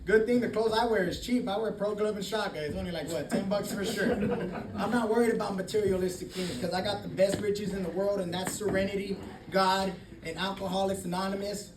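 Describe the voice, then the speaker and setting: A man with a high voice gives a blunt, candid talk at a recovery meeting, swearing freely and laughing often. He is recorded from a distance in an echoey room, with faint noise behind him. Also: fairly even intonation, brisk. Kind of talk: personal testimony talk.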